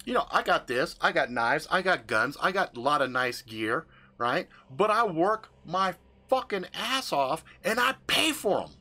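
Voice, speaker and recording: A man's voice: on the high side, very animated, measured pace, bright, forceful tone. A man venting on his livestream in a room full of his gear, casual and profane, with emphatic swearing. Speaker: livestream host.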